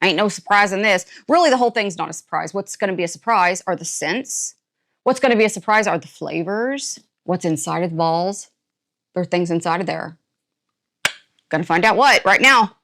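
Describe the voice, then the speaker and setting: A woman's voice: lowish voice, animated, normal speed, a bit bright. A woman reviewing products on her channel, chatting to viewers in a playful, put-on rural drawl as she unboxes. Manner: talks to viewers while opening items.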